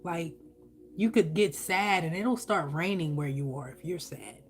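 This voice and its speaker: A woman's voice: low-pitched, unhurried, faint music behind. A woman giving a channeled spiritual reading while eating on camera, casual, profane and blunt. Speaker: spiritual reader.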